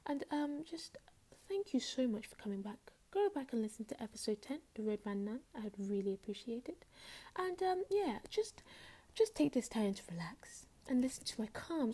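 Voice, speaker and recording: A woman putting on a hushed, soothing late-night radio host voice in a whispered role-play. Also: fairly high pitch, slightly rough. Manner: slow, drawn-out and soothing. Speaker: podcast host.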